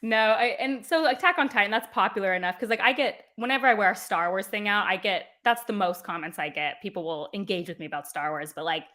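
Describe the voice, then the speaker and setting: A woman's voice: mid-range voice, fast, hardly any pauses, sharp tone. A woman hosting a podcast in casual chat, talkative and laughing often. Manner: chatty, laughs often, rambling. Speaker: podcast host.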